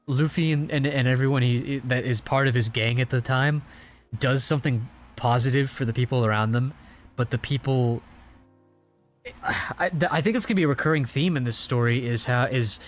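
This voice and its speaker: Rambling male reaction host. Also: mid-range voice. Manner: rambling, hesitant with restarts. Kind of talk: casual commentary.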